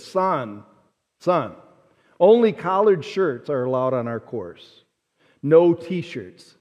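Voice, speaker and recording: A man preaching a sermon, telling a personal story and acting out the people in it in an animated way. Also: on the high side. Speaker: pastor. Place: large church sanctuary. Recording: dull-sounding sermon audio with long hall reverb.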